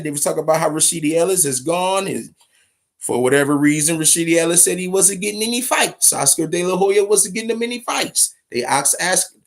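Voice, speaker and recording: A man hosting a boxing talk show, telling stories in casual, profane, animated commentary. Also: high voice, creaky. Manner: profane, storytelling, animated retelling.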